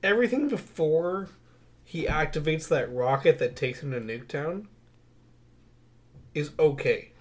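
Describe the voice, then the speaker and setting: A man's voice: on the high side, unhurried, pauses often. Wry young man reviewing movies. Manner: wry, sarcastic, animated. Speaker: podcast co-host. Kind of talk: casual movie-review chat.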